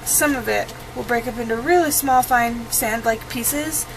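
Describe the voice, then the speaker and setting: A woman's voice: a little high, a little slow, background noise. A woman chatting casually through a home cooking tutorial, with plenty of ums. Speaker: home cook.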